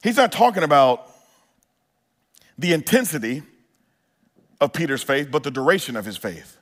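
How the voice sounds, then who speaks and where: Male pastor, sermon delivery, a touch high-pitched, earnest and emphatic. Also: big pitch swings, moderate pace. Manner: earnest preaching with rising emphasis and frequent restarts.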